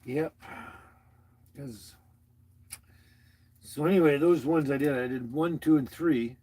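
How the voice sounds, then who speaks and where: A man's voice: a little high, slow, warm tone, a little hiss or hum. A man hosting a casual livestream, rambling and chuckling as he greets viewers by name and talks to his dog. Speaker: livestream host.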